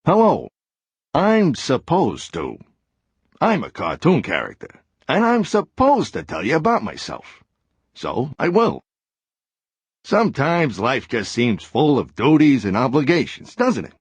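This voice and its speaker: A man's voice: mid-range voice, wildly swooping pitch, a little slow, breathy edge, no room sound, heavily acted. A man voicing a chatty cartoon word character who is weary of life's duties and talks in a confiding, sighing way in an educational cartoon.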